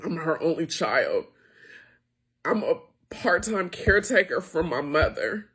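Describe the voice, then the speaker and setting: Husky-voiced woman, tearful and impassioned. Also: sits low, sing-song, unhurried, a bit bright. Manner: impassioned and frustrated, voice breaking with tears. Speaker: small business owner and founder. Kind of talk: emotional direct-to-camera appeal.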